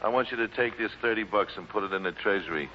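A man's voice: on the low side, quick pace. A man hosting a live broadcast, jovial and coaxing as he calls people up to the stage. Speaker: radio show host. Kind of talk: live broadcast emcee banter. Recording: dull old broadcast recording, loud crowd. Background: noisy live audience.

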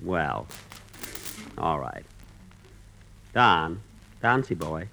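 A man's voice: a bass voice, sing-song, drawn-out words, gravelly, bright, forceful tone, slight background noise. Exasperated man in radio comedy. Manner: exasperated, vain, fussy. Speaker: comedian host.

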